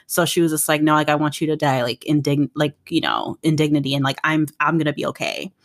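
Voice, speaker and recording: A woman's voice: low voice, animated, quick pace, dry recording, studio quality. A woman co-hosting a podcast, recapping drama scenes in a rambling, heartfelt way. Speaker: podcast co-host. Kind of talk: casual chat recapping a drama.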